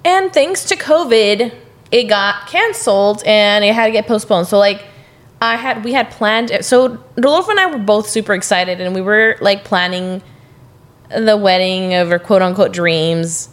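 Young woman, podcast co-host, casual chat, mid-range voice, chatty, thinks out loud. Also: mid-range voice, moderate pace. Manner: chatty, asks follow-up questions, talks things through with fillers.

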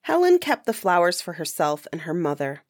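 A woman reading a fairy tale aloud in a measured, gently expressive way. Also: lowish voice, no room sound, studio quality. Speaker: storyteller. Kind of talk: storybook reading.

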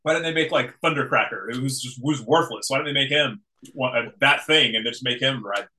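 Bright-voiced man, amused podcast co-host. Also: mid-range voice, brisk, poor audio. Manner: amused, laughs often, restarts his sentences. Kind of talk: casual chat recapping a cartoon episode.

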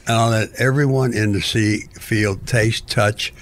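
A man's voice: lowish voice, fairly even intonation, unhurried. An older man, a book author as guest, talking in a playful, theatrical, rambling way. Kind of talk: rambling interview talk.

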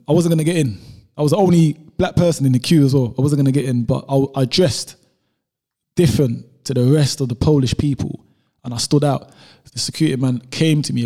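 A man's voice: medium pitch, fairly quick, warm tone. A man from London, a YouTuber, telling a travel story in casual chat, laid-back and full of slang asides. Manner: laid-back, peppers talk with "bro" and "whatever".

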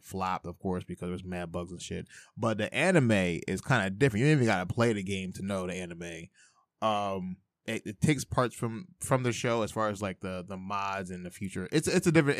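A man's voice: lowish voice, dry recording, studio quality. A young man hosting a casual solo podcast, rambling and swearing as he talks to himself. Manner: rambling, profane, self-talking. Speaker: podcast host. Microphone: headphones with mic.

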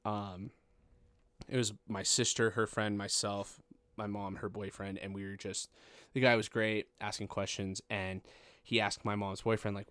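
A man's voice: fairly low pitch, steady tone, fairly quick, fairly bright tone, no room sound. A young man in his twenties telling a long, rambling, profane story in casual chat and laughing at it.

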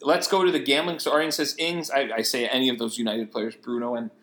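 A man co-hosting a casual sports podcast, chatty and quick to laugh as he rattles off lists of players and numbers. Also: medium pitch, little pitch movement, fairly bright tone. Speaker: podcast co-host.

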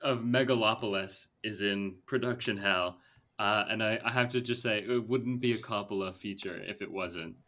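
A young man with a lowish, fairly bright voice talks at a normal speed while hosting a casual movie podcast. His chat is loose and rambling, packed with fillers and laughter.

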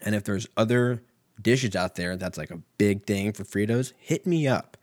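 A man's voice: fairly low pitch, dry recording, clean studio sound. A man in his thirties hosting a podcast, rambling alone in a crude, profane, self-mocking way that keeps drifting into tangents. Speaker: podcast host. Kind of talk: rambling casual monologue.

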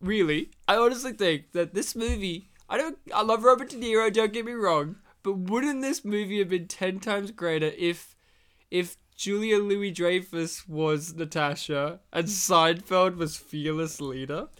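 A young man co-hosting a casual movie commentary, quick with jokes and asides. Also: sits high, clean tone. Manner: joking, animated, quick asides. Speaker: podcast co-host.

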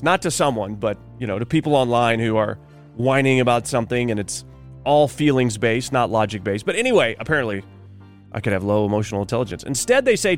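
A man's voice: fairly high pitch, expressive, normal speed, soft background music. A man hosting a morning radio show, chatting wryly through news items with offhand asides. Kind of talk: solo talk radio monologue.

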